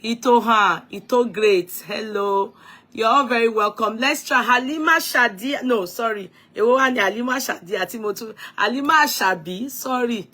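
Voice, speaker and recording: A woman hosting a casual live stream, chatting warmly with viewers and laughing as she stumbles over their names. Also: on the high side, normal speed. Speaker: livestream host greeting viewers.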